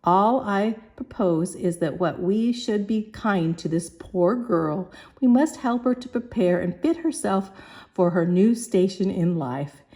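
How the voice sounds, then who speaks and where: A woman's voice: medium pitch, measured pace, mellow, close to an everyday voice. A woman voicing a pompous, bossy male professor who talks in a brusque, lofty manner.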